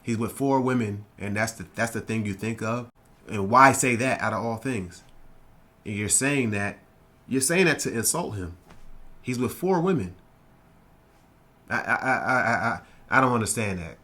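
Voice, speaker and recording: A man with a fairly low voice reacts to clips in an easygoing, conversational way. He stumbles over repeated words as he works out his thoughts aloud. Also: lively intonation, moderate pace, pauses often, pushed and bright. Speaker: commentary host. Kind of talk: casual reaction commentary.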